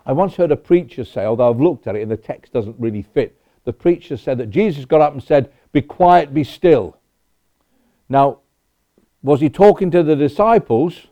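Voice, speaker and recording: A man delivers a sermon in an easy, conversational way, dropping personal asides as he goes. His pitch rises and falls a lot. The recording sounds dull and lo-fi. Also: animated, a little fast. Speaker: preacher.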